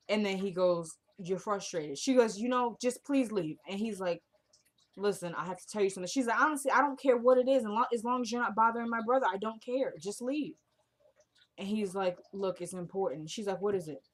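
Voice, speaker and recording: A young woman casually recapping a TV drama episode, retelling each scene by acting out the characters' lines. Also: medium pitch.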